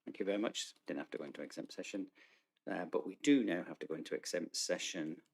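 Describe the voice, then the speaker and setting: Man, meeting chair, deep voice, gravelly, procedural, hesitant formal reading, council meeting room. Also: fast.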